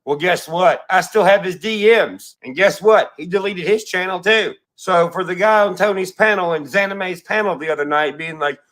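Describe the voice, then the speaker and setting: A man's voice: high-pitched, normal speed, hardly any pauses, a bit bright. A man ranting on a livestream, angry and profane, mocking his critics. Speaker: streamer in a played clip.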